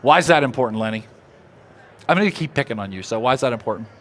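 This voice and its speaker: A man giving a live seminar talk, animated and drawing the audience in with questions. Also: medium pitch, very fast. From Oklahoma. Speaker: seminar speaker. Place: seminar room.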